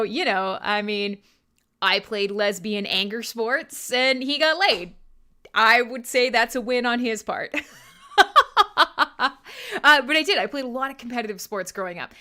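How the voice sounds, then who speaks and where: A woman's voice: fairly high pitch, measured pace, pushed and bright. A woman hosting a live stream in casual chat, joking, swearing freely and laughing often. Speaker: host.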